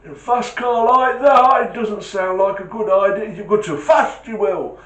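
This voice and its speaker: A man voicing a fretful little old man on a push bike, with a high, wavering voice. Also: moderate pace, a bit bright, roomy sound. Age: older.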